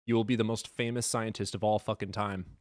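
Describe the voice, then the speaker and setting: A man with a low voice hosts a casual live stream and answers his chat in a blunt, sarcastic way, swearing freely. The sound is dry and close to the mic, with no room around it. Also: little pitch movement, a little fast, darkish tone, no room sound. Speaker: streamer hosting a debate stream.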